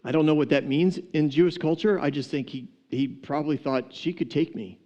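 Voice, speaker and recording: A man's voice: a little high, brisk, mellow, lo-fi sound. A pastor preaching a sermon to his church, retelling a parable with humor, laughing often and acting out the characters. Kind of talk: sermon storytelling.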